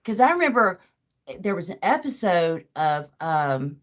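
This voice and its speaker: A woman's voice: lowish voice, very animated, unhurried. A woman, chatting casually as a podcast host, rambling and swearing freely with lots of "like". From American South. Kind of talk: casual chat.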